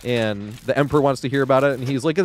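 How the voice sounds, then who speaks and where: A man's voice: medium pitch, quick pace, slight background noise. A man streaming a game, chatting casually and retelling a favorite movie at length, with many fillers.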